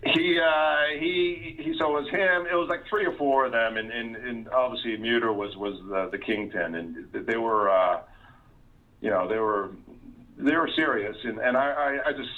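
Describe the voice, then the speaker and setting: A man's voice: mid-range voice, phone-quality sound. A man talking as a remote podcast guest, telling a story casually with lots of restarts and fillers over a call. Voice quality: halting, many restarts and fillers.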